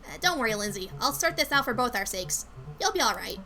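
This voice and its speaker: Playful woman streamer with lively pitch. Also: quick pace. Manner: chatty, playful, reads game text aloud. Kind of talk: live game playthrough reading dialogue.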